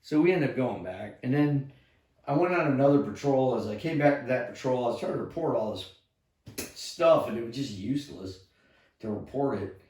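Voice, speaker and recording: A man's voice: mid-range voice, animated, normal speed. A man in his fifties, an army veteran, telling war stories in a casual, rambling way, swearing heavily and acting out what people said. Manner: profane, rambling, acts out quotes loudly. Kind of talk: casual storytelling chat. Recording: roomy echo.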